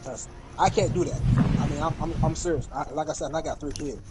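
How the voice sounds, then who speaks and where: A man's voice: fairly high pitch, a little fast, poor audio. A man in his forties, a gaming streamer, chatting casually and telling long rambling stories full of repeats. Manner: rambling, repetitive storytelling. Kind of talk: casual chat while gaming. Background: loud game music.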